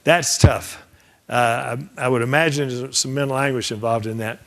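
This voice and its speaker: An older man lecturing a class like a trial lawyer swapping war stories. He talks in a loose, conversational way, slips into the voices of the people in his cases, and often stops and restarts mid-sentence. His voice sits at an ordinary middle pitch. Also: normal speed, fairly bright tone. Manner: conversational storyteller who acts out quoted dialogue; frequent restarts and repeated words. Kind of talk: anecdotal lecture.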